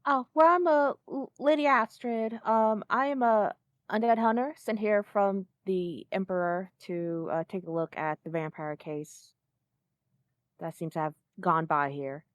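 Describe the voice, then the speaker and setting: A woman's voice: mid-range voice, fairly even intonation, unhurried, dry recording, highs cut off. A woman playing a tabletop game, introducing her character in an easygoing, slightly hesitant way. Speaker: player. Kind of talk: casual tabletop play.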